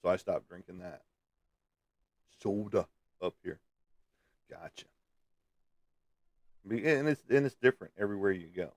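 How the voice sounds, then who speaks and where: Man, very low voice, dry close sound, folksy rambling casual chat, chuckles often. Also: expressive, measured pace, pauses often, darkish tone, no echo. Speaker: livestream host reading viewer comments.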